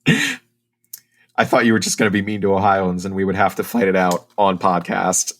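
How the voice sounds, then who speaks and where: A man's voice: sits low, animated, normal speed, a bit bright. A man from Ohio co-hosting a casual podcast, reading out notes and teasing his co-host with mock indignation.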